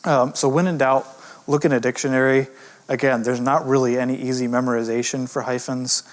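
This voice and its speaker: A man, an editor, teaching a recorded grammar lesson in a relaxed, conversational way, slowing down to stress example words and often restarting with fillers. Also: mid-range voice.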